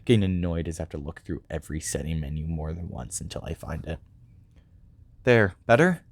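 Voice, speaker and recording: A man narrating a first-person story in a quiet, subdued way. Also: very deep voice, fairly even intonation, quick pace, vocal fry, slightly rough, no echo. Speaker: audiobook narrator.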